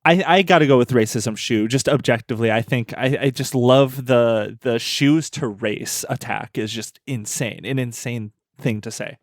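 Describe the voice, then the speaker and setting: A man's voice: medium pitch, normal speed, few pauses, dry recording, studio quality. A man in casual podcast chat who laughs often and talks animatedly.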